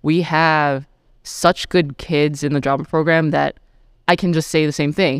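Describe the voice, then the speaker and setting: A woman's voice: deep voice, steady tone, measured pace, clear, resonant tone, no room sound, clean studio sound. A woman drama teacher chatting on a podcast, enthusiastic and gushing about her students. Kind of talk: casual chat.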